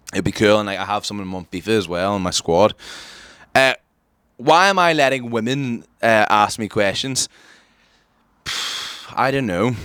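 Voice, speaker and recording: A man's voice: fairly low pitch, a bit bright, clear, resonant tone, no room sound. A man with an Irish accent hosting a podcast, delivering an emphatic, ranting satirical comedy monologue. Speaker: podcast host.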